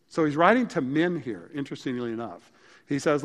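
A man's voice: medium pitch, lively intonation, brisk, fairly bright tone. A male pastor preaching a sermon in a conversational, emphatic way that mixes scripture with stories. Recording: long hall reverb.

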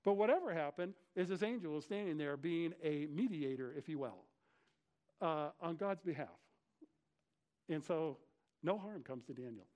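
A male pastor giving a conversational sermon, retelling scripture with lively slang asides. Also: a little high, moderate pace. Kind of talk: expository sermon.

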